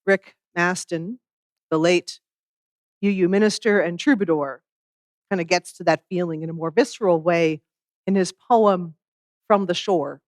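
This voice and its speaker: A minister giving a sermon in a measured, reflective way, with wry asides. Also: medium pitch, dry recording, clean studio sound.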